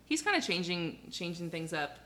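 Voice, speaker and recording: Low-pitched, bright young woman co-host. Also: very animated, normal speed. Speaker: podcast co-host. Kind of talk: casual chat.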